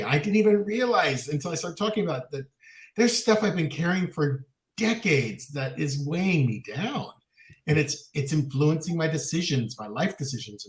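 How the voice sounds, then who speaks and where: A man co-hosting a podcast talk show chats candidly and animatedly, sometimes mocking others in quoted voices. His voice is a little high, and the room is echoey.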